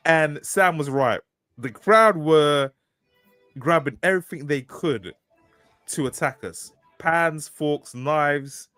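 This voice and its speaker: Man, author, improvised story narration, crude, animated, very expressive pitch, dry recording. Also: no room sound. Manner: animated, crude, laughing asides. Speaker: author co-hosting a story podcast.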